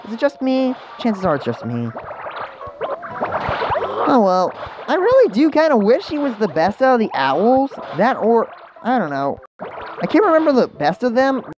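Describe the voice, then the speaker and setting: A woman's voice: on the high side, wildly swooping pitch, normal speed, pauses often, noisy background. A woman giving casual let's-play commentary, chatty and rambling, who mocks herself and talks to the game characters. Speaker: gaming channel host. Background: game music.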